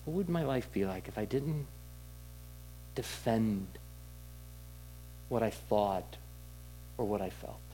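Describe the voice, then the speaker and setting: A man's voice: lowish voice, expressive, mellow, a little hiss or hum, low-quality recording. Candid conversational male preacher. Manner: candid, conversational storytelling with halting restarts. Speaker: pastor. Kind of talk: sermon.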